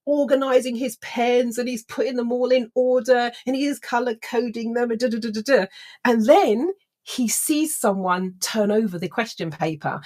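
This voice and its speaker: A woman, a personal development trainer telling a story to an audience, acting out the voices of people in it. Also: fairly high pitch. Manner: animated, acts out voices of people in her story.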